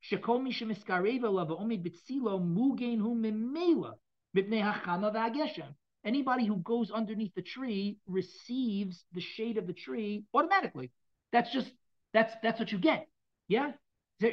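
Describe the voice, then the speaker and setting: A Torah teacher with a fairly high, animated voice leads a class through a text lesson at a fairly quick clip. She explains the material and often checks whether the students are following, asking them questions. The recording has its highs cut off.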